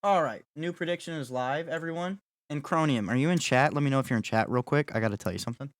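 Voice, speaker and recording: A man's voice: fairly high pitch, fast talker, dry recording, studio quality. A young man chatting casually with his livestream chat while gaming, joking and making dramatic mock apologies. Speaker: streamer.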